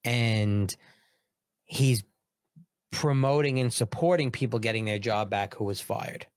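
A man's voice: lowish voice, a little slow, no room sound, studio quality. A man hosting a political commentary show, ranting emphatically and repeating words for stress.

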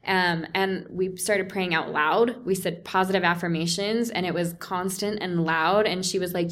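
A woman's voice: lowish voice, moderate pace, hardly any pauses. A woman telling a personal story in casual conversation, acting out quoted voices, with many "like" fillers. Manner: animated, acts out quoted voices, frequent "like" fillers.

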